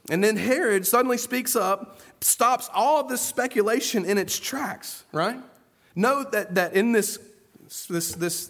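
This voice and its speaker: A man preaching an earnest sermon, moving between soft, low asides and loud, emphatic stresses. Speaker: pastor.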